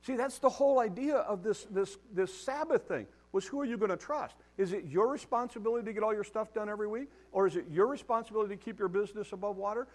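A middle-aged man delivers a sermon in a slightly high voice. He speaks emphatically and addresses his listeners head-on, repeating words as he drives a point home. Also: fast, hardly any pauses. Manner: direct challenges to the congregation. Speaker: pastor.

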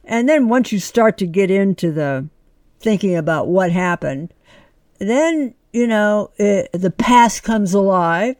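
A woman author speaks as an interview guest, emphatic and outspoken, with bursts of exuberance. Her voice sits at a middle pitch. The sound is dry and close-miked. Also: lively intonation, slow pace, darkish tone, no echo. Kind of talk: conversational interview.

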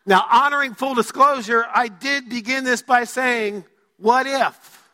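A male pastor preaching a sermon in a church, joking with the congregation and using dramatic pauses. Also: very high-pitched, bright, forceful tone. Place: church sanctuary. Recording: long hall reverb.

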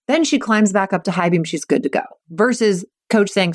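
A woman's voice: medium pitch, lively intonation, normal speed, dry recording. A woman mental performance coach talking energetically on a podcast, encouraging and acting out what kids and coaches say. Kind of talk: podcast monologue.

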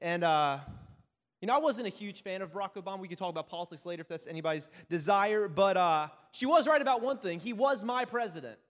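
A man's voice: sits high, animated, fast, a bit bright, long reverb tail. A man preaching a sermon, mixing self-mocking stories with Bible reading and often asking "right?". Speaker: pastor.

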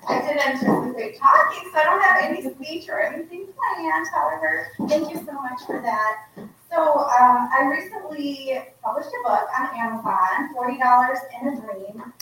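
High bright earnest woman storyteller. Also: moderate pace, a little hiss or hum. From United States. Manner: earnest, heartfelt, animated. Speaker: author and guest speaker. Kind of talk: unprepared personal storytelling talk. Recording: echoey room, voice from a distance.

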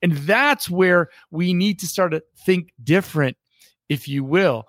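A man hosting an interview, speaking in a measured, thoughtful way as he asks questions. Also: sits high, a bit bright, no room sound, clean studio sound. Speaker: host. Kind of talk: casual interview chat.

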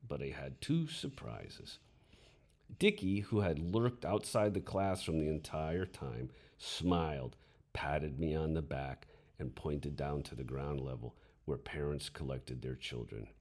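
A man's voice: extremely low pitch, expressive, unhurried, vocal fry, darkish tone. A man reading his own memoir story aloud, dramatic in delivery and voicing his inner thoughts.

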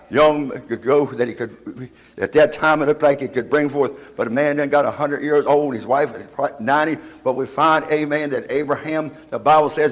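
Male preacher, slightly raised voice, amen after every phrase. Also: fairly high pitch. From West Virginia, USA. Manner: asks rhetorical "what?" questions. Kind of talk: sermon.

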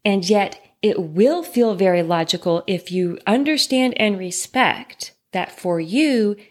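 A woman's voice: mid-range voice, slow, a little mellow. A woman talking straight to the listener in an earnest, reassuring way, asking rhetorical questions as she explains. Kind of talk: direct-to-listener talk on trauma.

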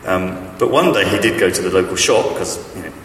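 A man preaching in a chatty, storytelling way, stumbling through fillers and restarts with a wry, self-mocking humor. His fairly low voice carries through a long-echoing church hall, picked up from a distance, with a faint hum of room noise beneath. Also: animated, brisk, fairly bright tone. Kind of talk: sermon with stories. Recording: echoey hall, speaker off-mic.

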